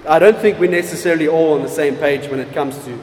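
A pastor preaching a sermon with emphatic delivery, swinging between loud stresses and quiet, drawn-out words. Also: male voice, a little high. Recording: echoey hall with long reverb.

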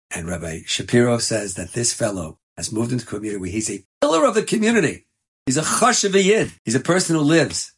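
A man's voice: mid-range voice, breathy edge. A man, a rabbi, telling an inspirational story with emphatic, passionate delivery. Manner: emphatic, passionate storytelling with Yiddish and Hebrew terms.

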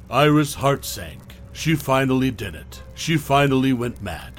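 A man's voice: medium pitch, expressive, a little slow, hardly any pauses, faint music behind. Man narrating a horror tale. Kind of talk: scripted narration of a horror story.

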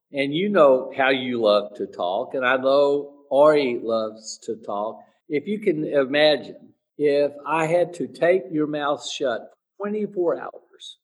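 A man being interviewed, earnest and motivational, halting and searching for words with restarts. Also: a little high, far from the mic, rough recording. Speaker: interview guest, speaker and teacher. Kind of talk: sit-down interview.

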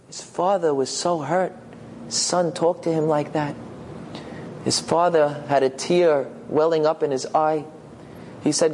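A man telling a moral story as a sermon, with animated, dramatic delivery. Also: fairly high pitch, a little slow. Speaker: storyteller, religious speaker.

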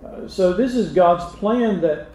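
Guy preaching a sermon, warm mellow voice, stops and restarts a lot, asks the congregation questions, roomy church echo. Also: high-pitched, expressive. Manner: unhurried, halting delivery with many restarts and fillers. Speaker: pastor.

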